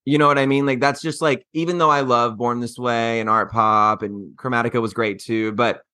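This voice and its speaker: A man from Mississippi co-hosting a podcast, chatting in a snarky, animated way. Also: medium pitch, brisk, smooth, no echo, studio quality. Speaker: podcast co-host. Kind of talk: casual chat.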